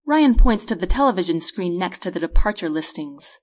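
A woman reading her own novel aloud as a measured first-person audiobook narration. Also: lowish voice, animated. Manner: measured storytelling read.

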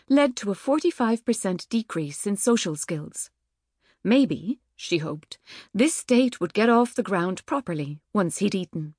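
A woman reading an audiobook in a measured, wry manner. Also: medium pitch, a little mellow, dry recording, studio quality. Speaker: audiobook narrator. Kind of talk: scripted narration. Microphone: studio microphone.

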